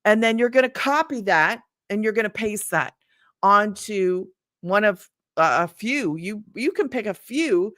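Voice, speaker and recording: A woman's voice: medium pitch, lively intonation, measured pace, fairly bright tone, no room sound, clean studio sound. A middle-aged woman giving a casual, chatty livestream lesson from home. She laughs often and drifts easily off track. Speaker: online business coach. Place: home room.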